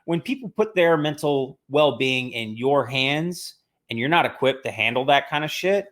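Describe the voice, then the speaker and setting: A man co-hosting a casual talk show, speaking bluntly with plenty of swearing and quick bursts. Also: mid-range voice, expressive, fairly bright tone. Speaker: podcast co-host. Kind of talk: casual chat.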